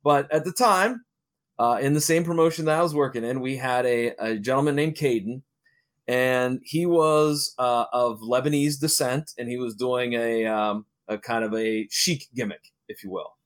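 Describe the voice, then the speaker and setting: A man's voice: mid-range voice, moderate pace. Rambling middle-aged man telling wrestling stories. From Ohio, United States. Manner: rambling anecdotal, frequent fillers and restarts. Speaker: interview guest, wrestling manager and promoter. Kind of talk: casual storytelling interview.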